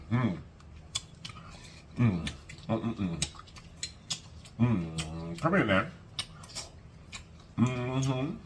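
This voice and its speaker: Lively man hosting a mukbang. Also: mid-range voice, background noise. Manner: lively, folksy, hums while eating. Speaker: mukbang host. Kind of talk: casual eating vlog.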